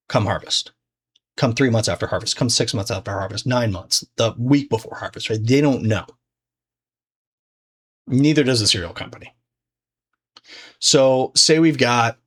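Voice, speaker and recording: A man teaching trading in a loose, conversational way, full of fillers and restarts. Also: mid-range voice. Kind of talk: casual explanatory lesson.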